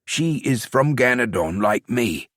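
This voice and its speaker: A man's voice: medium pitch, expressive, a little slow, a bit bright, no room sound, studio quality, pitched above the performer's own voice. A man voicing a frightened young male soldier who stammers and pleads. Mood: nervous, desperate.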